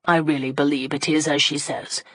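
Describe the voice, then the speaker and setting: Woman voicing a steady middle-aged doctor, deeper and quieter, dry storybook reading. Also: moderate pace, no room sound. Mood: calm. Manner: calm, matter-of-fact. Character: middle-aged male surgeon, calm and measured. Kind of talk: audiobook character voice.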